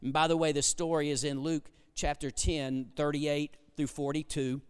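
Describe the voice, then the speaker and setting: Man preaching, high and smooth, goes soft then loud, big echoey church. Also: flat delivery, moderate pace. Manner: swings from hushed to loud and emphatic. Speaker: pastor. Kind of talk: sermon. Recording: long hall reverb.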